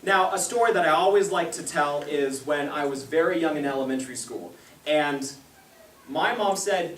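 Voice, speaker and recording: A man's voice: fairly high pitch, normal speed, fairly bright tone. A young man presenting a parenting seminar to a live audience, telling stories, laughing often and acting out the people he quotes. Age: young adult. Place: meeting room with a live audience. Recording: echoey room, distant mic, faint hiss.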